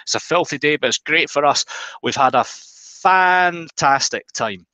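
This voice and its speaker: A man's voice: on the high side, lively intonation, a little slow, bright, forceful tone, dry recording, pitched above the performer's own voice. Louis, a man doing an eager talking duck. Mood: cheerful. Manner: eager, agreeable. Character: cheerful duck in a bar, Louis.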